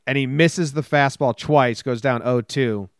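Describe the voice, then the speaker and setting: A man with a smooth, clean voice talks sports with a friend, blunt and quick, swearing freely. The sound is dry and close to the mic, with no room around it. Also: mid-range voice, no echo. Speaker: podcast co-host. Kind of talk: casual sports talk.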